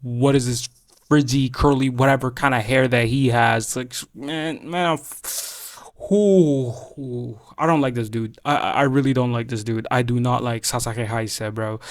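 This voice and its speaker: A man's voice: mid-range voice, little pitch movement, brisk, no room sound, studio quality. A young man giving a casual anime reaction, ranting heatedly with swearing, stammered restarts and repeated phrases for emphasis.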